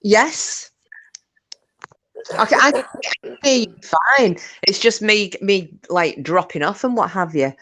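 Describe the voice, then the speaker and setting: Woman hosting a livestream, chatty, reading the chat out, mid pitch. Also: expressive, slow, pauses often, pushed and bright, no room sound. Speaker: livestream host. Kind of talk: casual chat. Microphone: online call.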